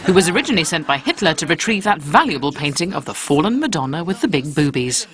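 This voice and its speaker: A man's voice: on the high side, very animated, quick pace, fairly bright tone, faint music behind. A man giving scripted, arch and playful documentary narration.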